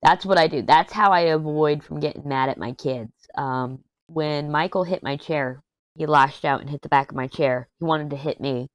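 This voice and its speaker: Middle-aged woman crafting and chatting, low voice, blunt and candid, dry close headset sound. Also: moderate pace, no echo. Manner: blunt, candid storytelling with frequent asides. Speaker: diamond painting vlogger. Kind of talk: casual chat while crafting.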